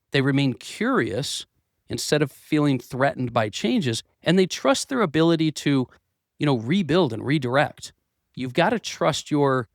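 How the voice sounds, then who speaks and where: A man's voice: medium pitch, no room sound, clean studio sound. A man hosting a motivational business podcast, talking earnestly and restarting his phrases, his voice a bit worn from losing it. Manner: earnest, repeats words while restarting. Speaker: podcast host. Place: office.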